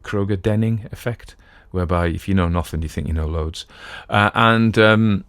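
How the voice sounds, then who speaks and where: Deep-voiced rambling middle-aged man. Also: moderate pace, fairly bright tone, no room sound. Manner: rambling, digressive, chatty. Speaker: podcast host. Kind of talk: casual talk on classic literature. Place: at home.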